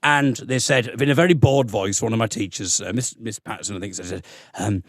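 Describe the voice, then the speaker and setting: A man's voice: lowish voice, a little fast, dry recording, studio quality. A man, a comedian guest, telling a childhood story in casual podcast chat and slipping into silly voices. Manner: animated storyteller who slips into silly voices.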